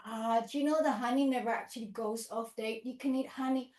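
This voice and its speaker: A woman teaching a children's yoga class, leading a playful toddler session in a sing-song, animated way with animal noises. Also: fairly high pitch, brisk. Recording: echoey room.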